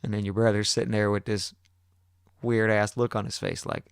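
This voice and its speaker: A man's voice: on the low side, normal speed, clean tone, no echo, clean studio sound. Profane storytelling podcast man. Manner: profane, animated, acts out other people's lines. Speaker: podcast host. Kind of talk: casual storytelling.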